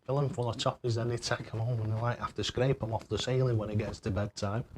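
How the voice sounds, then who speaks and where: This older darts streamer's voice is medium-pitched, animated, slightly fast and a little mellow, with a touch of hiss or hum. He chats casually, throws darts, reads viewer messages, laughs often and fumbles tricky names.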